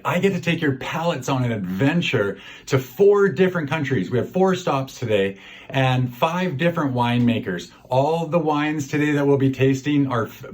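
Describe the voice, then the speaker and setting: A man from Canada guiding a virtual wine tasting for a charity event, upbeat, chatty and a bit salesy. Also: mid-range voice.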